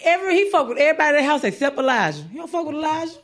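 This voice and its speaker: A middle-aged woman co-hosting a casual chat, telling animated, profane family stories and laughing through them. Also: high-pitched, very fast. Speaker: podcast co-host.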